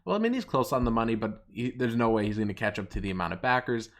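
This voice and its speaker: A young man hosting his channel, ranting with mocking laughs and jumping into a higher voice whenever he quotes people. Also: animated, quick pace. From United States. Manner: mocking, laughing often, pitch jumping up when quoting others. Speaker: channel host. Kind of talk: ranting commentary.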